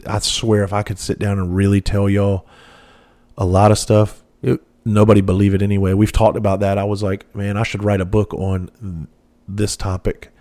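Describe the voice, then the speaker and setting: A man, a former police officer telling rambling, profane stories with lots of fillers. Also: lowish voice. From southern United States. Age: 40s. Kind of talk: casual storytelling monologue.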